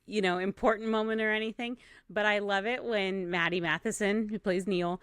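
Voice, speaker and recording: A woman's voice: mid-range voice, fairly even intonation, normal speed, a bit bright, no room sound, studio quality. A woman co-hosting a casual review podcast, chatty, with lots of agreeing murmurs. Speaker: podcast co-host. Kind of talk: casual chat.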